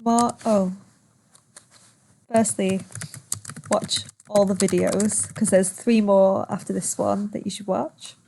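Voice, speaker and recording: A woman's voice: mid-range voice, steady tone, slow, creaky, long pauses, mellow, a little hiss or hum. Patient woman teaching online. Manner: patient, explains step by step, stretches words to show stress. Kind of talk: recorded online lesson.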